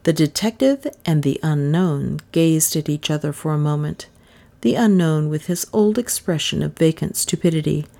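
Woman narrator, low voice, mellow and even. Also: moderate pace, gravelly. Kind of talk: audiobook narration.

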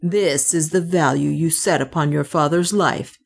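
A woman voicing an angry young male rival in a storybook reading, speaking slowly and brutally. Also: low voice, creaky, full character voice. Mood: savage. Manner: slow, brutal, cutting.

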